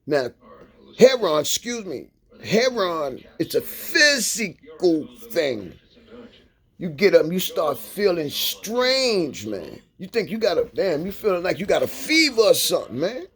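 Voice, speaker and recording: This middle-aged male vlogger preaches to his viewers in an impassioned, profane monologue, using street slang and capping lines with "man" and "you dig." His high voice has a sing-song lilt, a measured pace, and a slightly bright quality.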